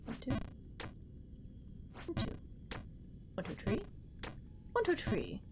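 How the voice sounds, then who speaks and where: A woman's voice: a little high, very animated, slow pace, background noise. A young woman live-streaming a game, chatting casually with her viewers and counting her jumps aloud in a bubbly, playful way.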